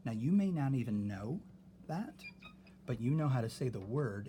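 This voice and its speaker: A man's voice: mid-range voice, sing-song, normal speed, background noise. A man teaching a phonics lesson to a class, patiently sounding out vowels and syllables.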